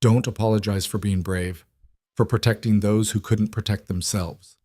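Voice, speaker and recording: A man voicing a ruthless king with ice powers who speaks quietly and commandingly. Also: fairly low pitch, steady tone, moderate pace, no room sound, clean studio sound, lightly acted. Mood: tender.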